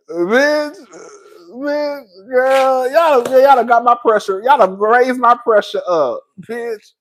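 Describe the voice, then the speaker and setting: A man hosting a livestream of gossip commentary, talking in sassy, profane, hollering rants straight to his viewers. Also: very high voice. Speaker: YouTube commentator.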